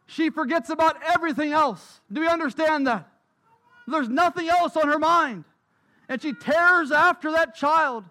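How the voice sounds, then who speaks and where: A man's voice: very high-pitched, moderate pace, sharp tone. A man preaching a sermon, telling stories emphatically and repeating key phrases. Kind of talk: sermon storytelling.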